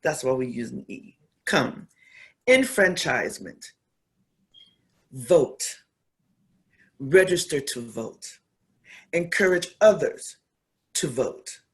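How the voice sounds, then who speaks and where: A woman's voice: very deep voice, very animated, slow, long pauses. A woman giving an earnest advocacy speech, repeating phrases for emphasis and growing emotional. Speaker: community speaker.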